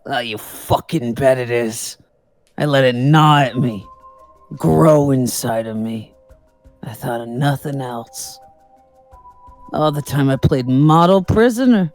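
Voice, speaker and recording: A woman's voice: extremely low pitch, slow pace, pauses often, a little mellow, soft background music, voice pushed down. A woman voicing a bitter, vengeful male ex-convict while reading game dialogue, snarling, taunting and swearing. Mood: menacing.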